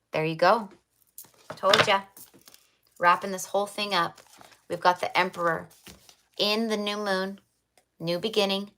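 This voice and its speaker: Chatty woman tarot reader, low-pitched. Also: steady tone, normal speed, pauses often, sharp tone. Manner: repetitive, affirming, spiritual phrasing; chatty with fillers. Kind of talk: livestreamed tarot reading.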